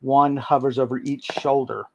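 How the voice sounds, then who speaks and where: A man narrating a tabletop game as game master, halting and full of ums. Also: medium pitch, flat delivery, gravelly, a little mellow, a little hiss or hum.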